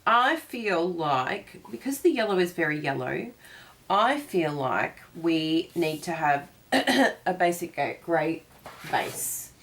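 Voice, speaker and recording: Chatty lower-voiced woman crafting. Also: sing-song, takes it slowly, fairly bright tone. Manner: chatty, digresses while crafting. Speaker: cardmaking tutorial host. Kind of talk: casual chatty crafting tutorial.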